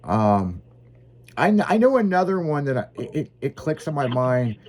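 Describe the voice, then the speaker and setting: Co-hosting a casual podcast, a man with a medium-pitched, somewhat dark voice tells profane road stories in a sing-song way at normal speed. He acts out both sides of old conversations, and there's faint background noise.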